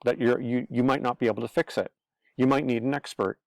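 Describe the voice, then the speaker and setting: Male online preacher, casual blunt advice talk, gravelly edge, dry sound. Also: medium pitch, steady tone, fairly quick, dry recording. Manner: blunt, earnest, repetitive, swears. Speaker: online pastor-commentator.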